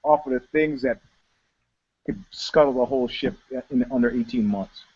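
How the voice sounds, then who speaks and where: A man co-hosting a casual chat, telling stories loudly and profanely and acting out the people in them. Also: medium pitch, normal speed, husky. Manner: profane, animated storyteller acting out quotes. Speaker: podcast co-host. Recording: dull lo-fi podcast audio.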